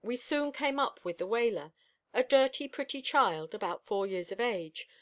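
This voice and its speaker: A woman reading a novel aloud in first-person narration, expressive and measured. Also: a little high. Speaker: audiobook reader.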